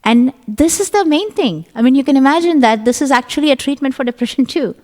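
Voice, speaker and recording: A woman with a fairly high voice gives a relaxed scripture class, talking through her own experiences. She sounds like she is in a temple hall, and her voice rings with a long echo. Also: fast talker. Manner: conversational, acts out her own thoughts in quotes. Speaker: speaker giving a class.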